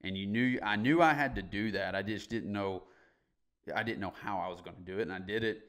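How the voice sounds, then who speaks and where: A man's voice: fairly low pitch, brisk, a bit bright. A middle-aged man as a podcast guest, candidly telling his story in a blunt, emphatic way and swearing casually.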